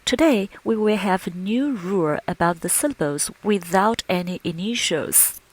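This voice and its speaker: A woman teaching a language lesson slowly and patiently, modelling sounds with clear, deliberate speech. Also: lively intonation, rough recording. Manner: clear, deliberate, models each tone with exaggerated pitch. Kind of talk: slow, patient pronunciation lesson with drills.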